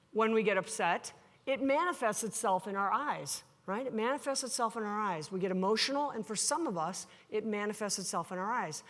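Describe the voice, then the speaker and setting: A woman's voice: on the high side, a bit bright. A woman giving a live keynote talk to an audience, telling stories animatedly and acting out the dialogue. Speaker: keynote speaker. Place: large hall before an audience. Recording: long hall reverb.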